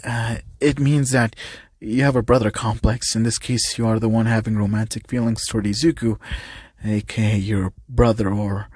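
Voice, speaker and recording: A man's voice: fairly low pitch, steady tone, moderate pace, a little mellow, slightly rough, no echo, clean studio sound. A man voicing a timid, shy young man who explains things hesitantly.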